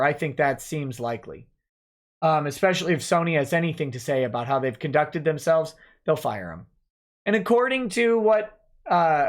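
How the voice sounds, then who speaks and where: Male lawyer host, slightly high voice, casually reading and answering chat. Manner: reads chat messages aloud and replies offhand. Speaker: livestream host reading viewer chats.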